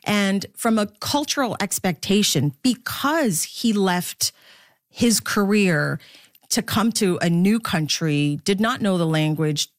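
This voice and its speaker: A woman sportscaster born in the Philippines talking in an interview, animated and laughing often, with lively voices for the people in her stories. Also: mid-range voice, slow, no room sound, clean studio sound. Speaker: sportscaster guest. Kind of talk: interview conversation.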